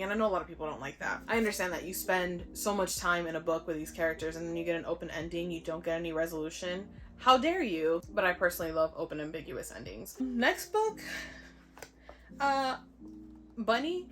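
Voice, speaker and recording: A young woman reviewing books in a casual vlog, blunt, sarcastic and quick to swear. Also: fairly low pitch, a bit bright. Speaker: book vlogger. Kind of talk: casual book review chat.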